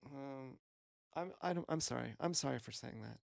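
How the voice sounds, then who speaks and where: Man rambling in a gravelly voice. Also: medium pitch, normal speed, no echo, studio quality. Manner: meandering, profane, self-questioning. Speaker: streamer. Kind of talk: rambling monologue.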